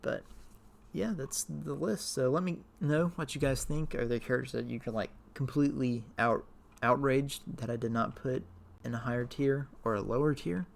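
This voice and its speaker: Man, casual vlogger, mid-pitch, gravelly edge; tired, rambling, hesitant delivery. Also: moderate pace. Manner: rambling, hesitant, many fillers. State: tired, voice wearing out. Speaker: youtuber ranking characters. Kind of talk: casual talk to camera.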